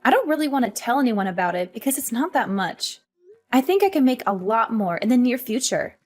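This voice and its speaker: A woman voicing a hurt but defiant young adult daughter in an animated story, talking in an earnest, emotional way. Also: on the high side, brisk.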